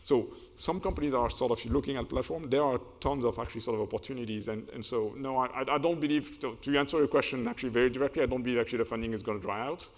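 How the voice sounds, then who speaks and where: A man's voice: mid-range voice, racing, hardly any pauses. A man answering a question on a conference panel, hesitant, with many fillers and restarts. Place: conference hall. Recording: reverberant conference hall.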